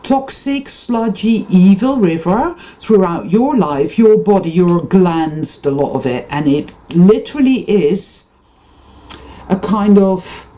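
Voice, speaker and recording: A woman's voice: medium pitch, lively intonation, takes it slowly, warm tone, poor audio. A woman giving an impassioned, unscripted spiritual monologue to her viewers, swearing freely and often stopping and restarting her sentences. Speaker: spiritual vlogger.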